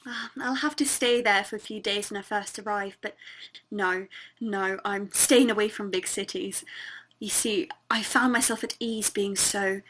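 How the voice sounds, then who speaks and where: A woman's voice: mid-range voice, fairly even intonation, a little slow, a bit bright. A student actress playing a painfully posh young English woman with a prim, giggly manner on a video call. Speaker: student actor. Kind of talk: online student theatre.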